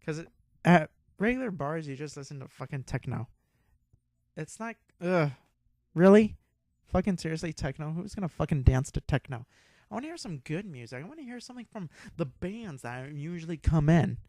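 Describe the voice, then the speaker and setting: Excitable young man, slightly high voice. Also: moderate pace, no room sound. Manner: rambling and excitable, swears, laughs often. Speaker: podcast host. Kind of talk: casual storytelling.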